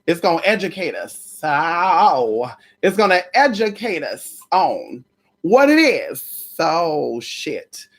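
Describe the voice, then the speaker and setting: A woman's voice: fairly low pitch, takes it slowly. Sassy, gossipy woman telling a story. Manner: sassy, gossipy, swears freely, talks to viewers as "girl"; dramatic, expressive delivery. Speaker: vlogger. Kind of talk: casual storytelling vlog.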